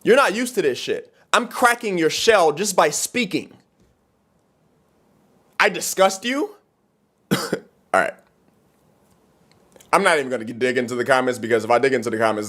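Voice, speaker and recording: With a mid-range voice at normal speed and long pauses, a man delivers a heated, profane, animated rant to his camera as a content creator's monologue video.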